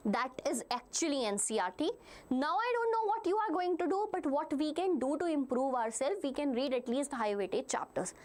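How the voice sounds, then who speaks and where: Woman, teacher, high voice, lively pitch, live online class. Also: fairly quick. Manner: animated, asks the class questions.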